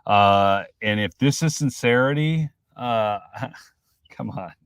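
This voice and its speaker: A man from Minnesota hosting a live political commentary stream, swinging between loud outbursts and quiet mutters. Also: medium pitch, slow, smooth, no echo.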